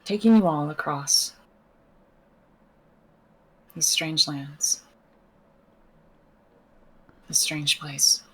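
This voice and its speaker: Game-master narrator, woman, low voice, measured descriptive pacing. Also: slightly rough, rough recording.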